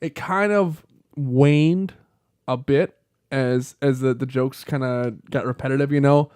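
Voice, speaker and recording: A young man co-hosting a casual chat, swearing freely and getting worked up into rants that turn to shouting. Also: medium pitch, steady tone, a little slow, clean tone, no echo. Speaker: podcast co-host.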